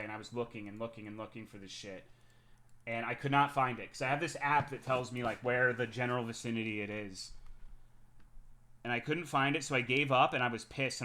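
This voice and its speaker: A young man streaming and chatting casually, telling a story with a lot of swearing. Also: mid-range voice. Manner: chatty storytelling, frequent swearing, animated when excited. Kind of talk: casual chat.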